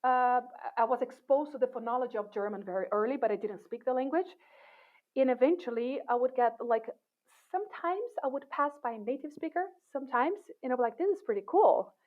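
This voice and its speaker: Woman with a high voice on a tinny call line. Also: brisk. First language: not English. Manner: thoughtful, with many fillers and restarts. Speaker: assistant professor, guest. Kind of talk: casual interview talk.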